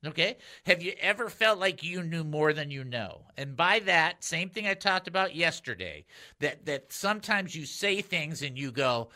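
A man hosts a call-in Christian radio show, chatty and animated, laughing easily and hopping from topic to topic. His voice is a little high and his pace a little fast.

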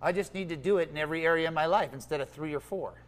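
Racing along in a mid-range voice, the preacher gives an animated, conversational sermon. He defines words, asks the audience questions, and moves from soft asides to emphatic outbursts.

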